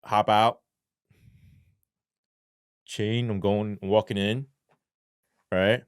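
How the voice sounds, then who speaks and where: A former police sergeant, a man, telling his story as an interview guest in animated, profane street slang. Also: fairly low pitch, normal speed, dry recording, studio quality.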